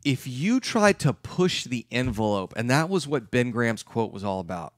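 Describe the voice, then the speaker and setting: A middle-aged man giving an emphatic, lively talk as a real estate investment educator. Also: mid-range voice, moderate pace, no room sound, studio quality. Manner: emphatic, acts out his clients' questions.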